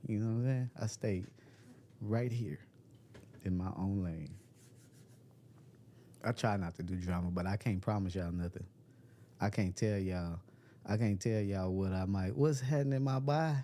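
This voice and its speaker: A man's voice: low-pitched, fairly even intonation, a little slow, pauses often, mellow. A man hosting a casual livestream, reading chat comments aloud, joking and laughing often, with loose slangy talk. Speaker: livestream host. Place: cold room at home.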